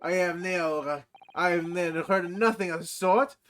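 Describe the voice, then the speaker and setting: A man's voice: sits high, normal speed, fairly bright tone, slight background noise. A man voicing a blustering middle-aged prison governor with a Scottish accent, reading game dialogue aloud. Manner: brusque, blustering.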